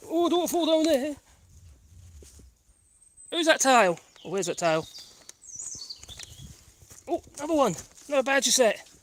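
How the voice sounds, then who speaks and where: A man's voice: very high-pitched, lively intonation, a little slow, pauses often, fairly bright tone, a little hiss or hum. A man chatting casually as he hikes a rural path with his dogs, calling out to them and chuckling often. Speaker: vlogger walking his dogs. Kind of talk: casual rambling chat while hiking. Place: rural footpath outdoors.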